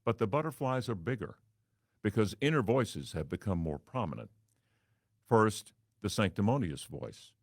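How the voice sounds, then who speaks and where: Wry male host, baritone, theatrical storytelling, dry close sound. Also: big pitch swings, normal speed, no room sound. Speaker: radio and TV host. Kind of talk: storytelling monologue.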